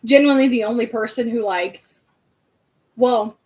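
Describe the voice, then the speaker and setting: A young woman in her twenties, chatting casually and telling an animated story with lots of fillers. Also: on the high side, moderate pace, rough recording. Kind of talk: casual chat.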